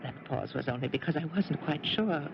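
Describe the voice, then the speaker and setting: A playful French wife. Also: female voice, deep voice, moderate pace, creaky. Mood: teasing. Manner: teasing, affectionate. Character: French former resistance fighter wife, playful, older. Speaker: lead actress. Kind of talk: 1970s radio drama acting. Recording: lo-fi noisy 1970s radio broadcast.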